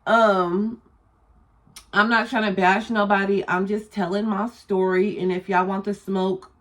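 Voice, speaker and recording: A young woman telling a storytime vlog with blunt, animated energy. Her voice sits at a middle pitch, and she swears freely as she tells it. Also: unhurried. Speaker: vlogger.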